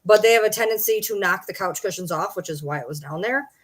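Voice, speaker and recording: A woman's voice: mid-range voice, fast. A woman vlogging from home, ranting in a frustrated, repetitive way and swearing freely. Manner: frustrated, swearing, repeats herself. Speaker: vlogger and livestreamer. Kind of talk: casual rant to camera.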